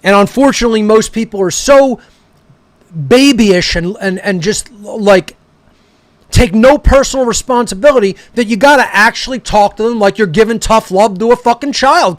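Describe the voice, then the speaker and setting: A man's voice: high voice, expressive, normal speed, no room sound. A man delivering an aggressive, profane rant that berates his listeners. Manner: aggressive, berating, swearing constantly. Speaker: speaker. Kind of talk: profane ranting monologue.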